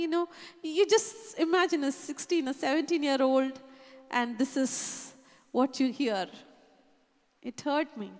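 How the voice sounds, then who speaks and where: High-voiced woman preaching in a reverberant hall. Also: unhurried. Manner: earnest personal storytelling, frequent "you know". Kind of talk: sermon testimony. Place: church hall.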